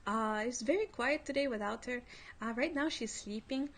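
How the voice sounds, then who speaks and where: A woman voicing her adult Russian female roommate, quietly reporting on someone over the phone in a flat tone. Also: on the high side, normal speed. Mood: gossiping.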